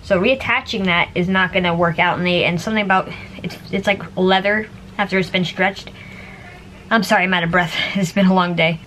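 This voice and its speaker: A woman's voice: lowish voice, steady tone, brisk, fairly bright tone, a little hiss or hum. A woman vlogger chatting casually to camera, rambling with lots of fillers and little laughs.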